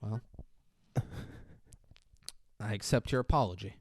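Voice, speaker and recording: A man doing a low, menacing bunker owner. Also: unhurried, creaky. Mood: threatening.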